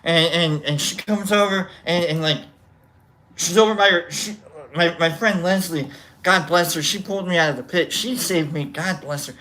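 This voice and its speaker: A show host telling a long, rambling story in a casual way and acting out scenes with shouts. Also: mid-range voice, moderate pace.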